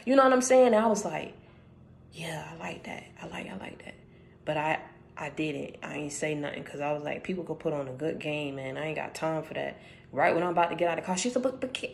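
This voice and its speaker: A woman hosting her channel, giving a casual spiritual message in an emphatic, conversational way, repeating phrases for stress and speaking straight to the listener. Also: on the low side. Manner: conversational, addresses listener directly.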